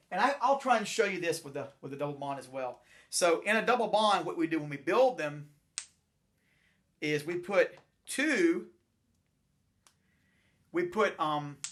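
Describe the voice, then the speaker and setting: This somewhat high-voiced man, fairly bright in tone, teaches chemistry at a moderate pace with lively intonation and long pauses. Working at the chalkboard with models, he wanders, self-corrects, and talks through what he's building without a script.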